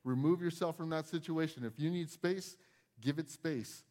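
A man's voice: a little high, moderate pace, dark tone. A man preaching a conversational sermon as pastor, acting out small scenes and addressing his congregation directly. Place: church.

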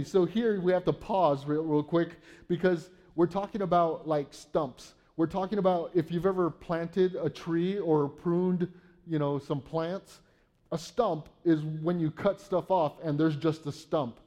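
Man preaching with mellow, slightly high voice. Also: steady tone, measured pace. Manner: explains scripture conversationally, asking "right?" often; reads Bible verses aloud, then paraphrases them. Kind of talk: sermon.

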